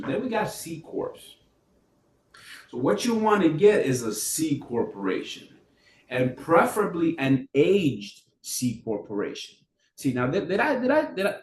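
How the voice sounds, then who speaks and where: A man giving a casual, animated business funding lesson, firing rhetorical questions and restarting his sentences often. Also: mid-range voice. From New York. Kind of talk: casual teaching monologue. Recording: echoey room, mic at a distance.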